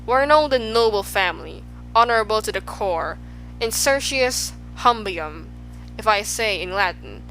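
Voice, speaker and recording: A woman's voice: medium pitch, animated, moderate pace, a bit bright, soft background music, rough recording. A woman voicing a pompous, boastful male humbug in a storybook, speaking in a blustering, grandiose way.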